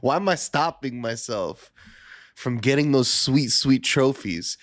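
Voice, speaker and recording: A man's voice: medium pitch, expressive, measured pace, no room sound, clean studio sound. A man co-hosting a podcast, telling casual stories in a laid-back way and swearing freely. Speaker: podcast co-host. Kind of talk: casual chat.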